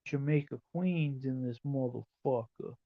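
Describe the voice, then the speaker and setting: A man chatting casually on a livestream, musing aloud in a slow, wandering way while he looks over a map. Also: mid-range voice, dull audio.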